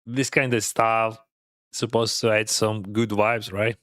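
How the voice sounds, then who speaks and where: A man's voice: on the low side, flat delivery, slow pace, a bit bright, no echo, studio quality. Russian-accented man chatting while playing poker. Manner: laughs often, chatty, loose with grammar. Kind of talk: casual chat while playing online poker.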